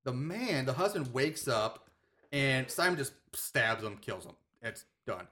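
A man hosting a casual chat, retelling a film's plot as an animated storyteller who laughs often. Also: medium pitch, measured pace. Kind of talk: casual movie recap chat.

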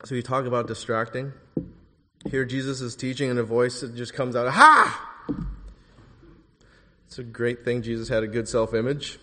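A man preaching a sermon in a church, emphatic, rising to forceful bursts on key phrases. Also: medium pitch, level tone, fairly quick, in a large hall.

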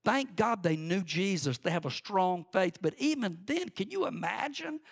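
A man's voice: high-pitched, big pitch swings, normal speed, gravelly. A man preaching a sermon, in an impassioned, rising and falling preaching cadence. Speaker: pastor.

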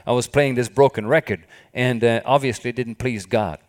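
A man's voice: medium pitch, steady tone, moderate pace. A man preaching a sermon with fervor, often stopping to say hallelujah. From not from the country where he studied. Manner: fervent, repeats hallelujah often.

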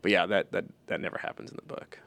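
A man in relaxed casual chat, chiming in and explaining story details. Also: sits low, quick pace, creaky.

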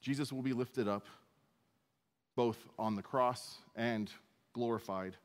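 A male pastor works through scripture in a sermon. He stays relaxed and conversational and slips in self-deprecating asides. His voice sits at an average pitch for a man. It rings out with a long reverb, as in a large church hall. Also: slow. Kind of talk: sermon, verse-by-verse teaching.

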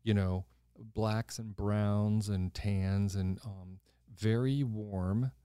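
A man hosting a podcast, telling stories in a gushing, animated casual chat. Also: on the low side, very slow, clear, resonant tone, no echo, clean studio sound. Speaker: podcast host.

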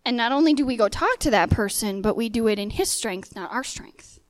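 A young woman preaching in a storytelling way, her voice sitting fairly high. She acts out the back-and-forth of her story with lively quoted voices. The sound is close and dry, with no room around it. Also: a little fast, no echo. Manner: animated storytelling, acting out dialogue in quoted voices. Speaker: speaker sharing a testimony. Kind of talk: sermon-style storytelling.

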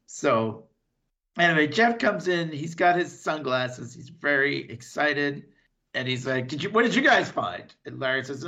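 A man co-hosting a podcast, retelling a TV episode in casual chat and slipping into quick voices for the characters. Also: on the high side, muffled recording. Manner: animated retelling with quick impressions and laughs. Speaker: podcast co-host.

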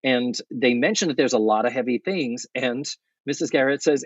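Husky guy rambling through a sitcom recap, dry dull audio. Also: mid-range voice, normal speed, hardly any pauses, no room sound. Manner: animated, rambling, does character voices. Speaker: podcast co-host. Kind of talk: casual recap chat.

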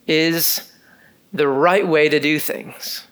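A man preaching a sermon in a conversational, animated way, reading scripture and talking to the congregation with many casual fillers. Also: fairly high pitch, extremely slow, long pauses.

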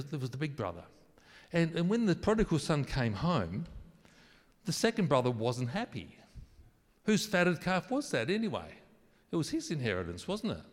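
Man preaching in a reverberant hall. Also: a little high. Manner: earnest, rising to emphatic then dropping to soft and intimate. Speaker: pastor. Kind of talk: sermon.

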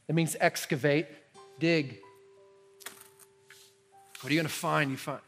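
A male pastor preaching a sermon in an earnest, conversational way that drops to hushed intensity. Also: a little high, fairly even intonation, unhurried, long pauses, faint music behind.

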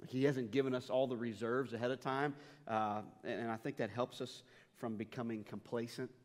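A male pastor giving a conversational sermon, often repeating words as he restarts sentences and swinging between quiet and loud. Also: medium pitch. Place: church sanctuary. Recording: long hall reverb in a church.

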